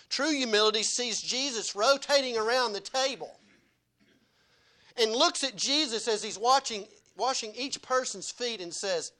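Male preacher, sermon delivery, dramatic and expressive with sharp drops in volume. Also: a little slow. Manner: dramatic, wide swings in pitch and loudness, acts out quotes.

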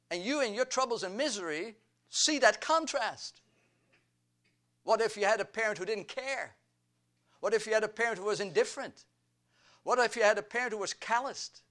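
A man preaching a sermon, slow and deliberate, building emphasis through repeated phrases. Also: sits high, lively intonation, fairly bright tone. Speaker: pastor.

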